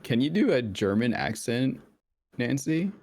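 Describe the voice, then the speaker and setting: A woman's voice: extremely low pitch, sing-song, a little slow, a little mellow, no echo, studio quality. A woman co-streaming a game, chatting in a laid-back, teasing way. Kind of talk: casual stream chat.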